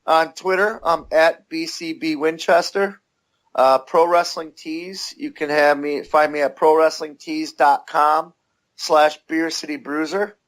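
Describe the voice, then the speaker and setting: A man's voice: a little high, fairly even intonation, a little slow, a bit bright. A man, a wrestler guest, answering interview questions casually with lots of fillers.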